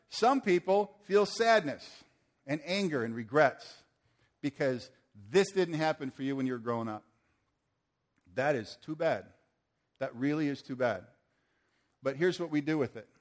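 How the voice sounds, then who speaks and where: Older guy giving a sermon, earnest, keeps asking the crowd stuff, voice on the higher side. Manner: earnest, asks the audience questions. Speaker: preacher. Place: church gathering with audience.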